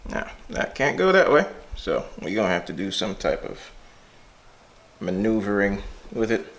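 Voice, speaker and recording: Low-voiced guy muttering jokes while wrenching on a car, lively ups and downs. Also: moderate pace, slight background noise. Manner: joking, rambling, self-mocking. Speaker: channel host. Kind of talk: casual how-to car repair vlog.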